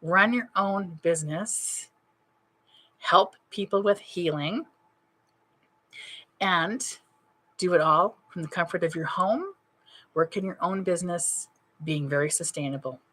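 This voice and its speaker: Woman, middle-aged, spiritual medium, bright clear tone, emphatic and repetitive, casual talk. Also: on the low side, takes it slowly, long pauses. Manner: emphatic, repeats key phrases for effect. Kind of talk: casual advice talk to an online audience.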